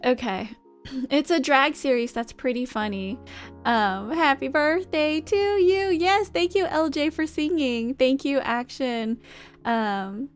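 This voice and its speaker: A woman's voice: a little high, clear, resonant tone. A woman live streamer chatting casually with her viewers in a bubbly, rambling way, thanking people in chat.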